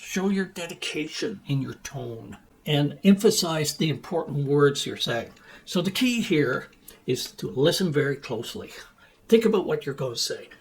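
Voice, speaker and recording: A middle-aged man coaching business English, speaking in a clear, deliberate, emphatic way with pauses. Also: fairly high pitch, a little hiss or hum. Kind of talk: teaching monologue to camera.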